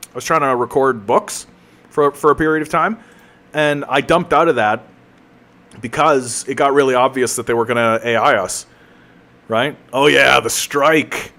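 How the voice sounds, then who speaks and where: A man's voice: medium pitch, fairly bright tone. A man chatting casually while he streams a game, rambling and joking at his own expense with plenty of restarts. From Canada. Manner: rambling, joking, self-mocking, many restarts.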